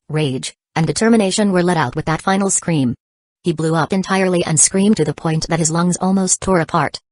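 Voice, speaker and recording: A woman narrating an audiobook in a steady, even reading style. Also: deep voice, no room sound. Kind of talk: scripted narration.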